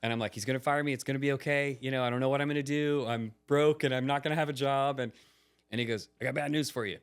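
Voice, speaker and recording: A man's voice: fast talker, smooth. A man in his forties, a podcast guest, telling a story in casual chat, acting out quoted lines with bursts of energy. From United States. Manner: animated, acts out quotes with rising pitch.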